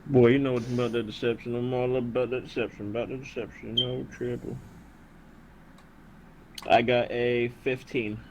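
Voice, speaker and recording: A man's voice: medium pitch, little pitch movement, moderate pace. Man on a noisy voice call. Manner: laughing, repeats words when starting. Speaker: player. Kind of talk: casual tabletop game chat. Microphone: headset, then computer mic.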